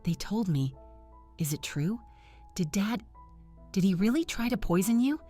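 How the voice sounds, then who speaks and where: A woman doing a weak, hoarse young woman. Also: mid-range voice, expressive, measured pace, mellow, faint music behind, pitched above the performer's own voice. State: hoarse, whispering.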